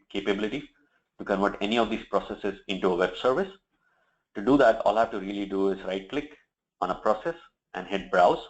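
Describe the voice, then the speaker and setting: A man presenting a software demo, walking through each step in a steady, explanatory way with occasional fillers. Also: fairly low pitch, muffled recording. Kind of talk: product demo walkthrough.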